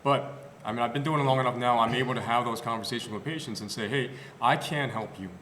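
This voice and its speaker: Here a male physical therapist with a mid-range voice talks at a quick pace, telling patient stories on a podcast in an animated, casual way full of fillers and restarts. The clinic podcast room sounds echoey with long reverb, plus a little hiss or hum.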